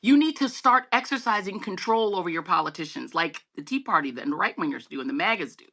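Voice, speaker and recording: A woman's voice: animated, fast talker, hardly any pauses, sharp tone. A middle-aged woman, a guest journalist, talking politics in an emphatic, conversational way and calling listeners y'all. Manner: emphatic, swings pitch widely, talks to listeners as y'all.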